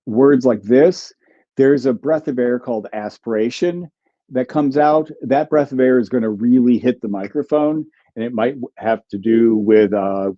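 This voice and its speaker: A man's voice: mid-range voice, dark tone, muffled recording. A man, a language scholar, answers viewer questions in a livestream with a thoughtful, explanatory manner and frequent ums. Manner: explanatory, many ums and restarts. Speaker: guest linguist author.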